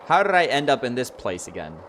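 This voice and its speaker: A man's voice: mid-range voice, big pitch swings, a little fast, a bit bright, a little hiss or hum. A young man chatting casually on a livestream, rambling and filling his talk with "like" and "you know". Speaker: streamer.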